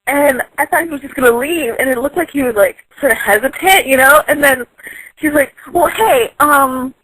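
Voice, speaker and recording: A woman's voice: high voice, brisk, fairly bright tone, no room sound, low-quality recording. A woman telling a casual story from work, chatty and giggly, full of likes and ums. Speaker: storyteller in a voice post.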